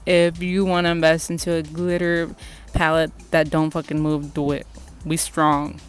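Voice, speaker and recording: A young woman vlogger casually reviewing makeup, gushing and excitable and swearing freely. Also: deep voice, normal speed, soft background music. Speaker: beauty vlogger.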